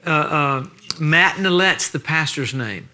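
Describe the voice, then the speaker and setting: A man preaching a sermon in a church, telling stories with animated, laughing energy. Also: fairly high pitch, slow.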